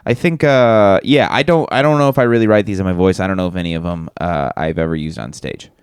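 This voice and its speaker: A man co-hosting a comedy podcast in casual banter, swearing often and running himself down with halting restarts. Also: deep voice, clear, resonant tone, no echo, studio quality.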